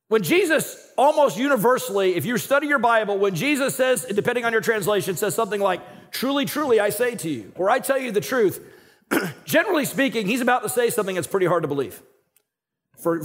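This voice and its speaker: A male pastor preaching a sermon in a conversational, animated way, swinging between loud emphasis and quiet asides. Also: high voice, a little fast.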